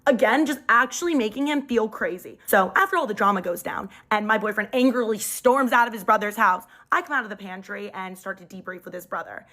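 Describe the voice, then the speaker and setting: A woman's voice: medium pitch, brisk, hardly any pauses, bright, forceful tone. Chatty young woman telling a dramatic story. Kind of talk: casual storytime monologue.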